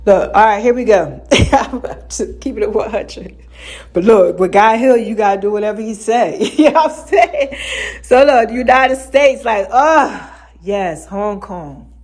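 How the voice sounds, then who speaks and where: A woman hosts her own podcast, delivering a casual storytelling monologue in a loose, chatty style, laughing often and acting out other people's lines. Her mid-range voice moves a little slowly and has a darkish tone.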